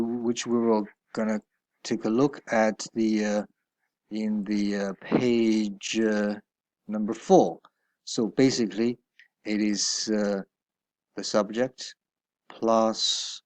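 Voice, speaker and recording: A man's voice: fairly low pitch, dry recording. A man teaching a Chinese textbook lesson, explaining each line patiently with hesitant fillers and corrections along the way.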